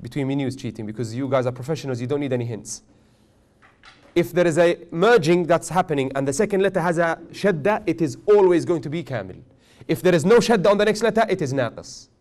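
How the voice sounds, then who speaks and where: A man teaching a tajweed class, questioning his students often and joking gently. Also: fairly high pitch, lively intonation, fast. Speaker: Quran recitation teacher.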